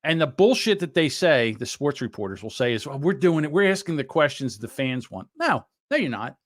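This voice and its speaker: A man's voice: on the high side, sing-song, brisk. A man hosting a podcast, giving blunt, rambling commentary in casual chat. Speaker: podcast host.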